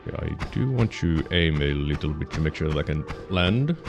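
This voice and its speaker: A man with a low, deep voice and a Finnish accent talks through a game as he streams. He rambles, corrects himself mid-thought and explains the mechanics in casual detail, with soft music faint in the background. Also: animated, normal speed. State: hiccuping. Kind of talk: casual gameplay commentary.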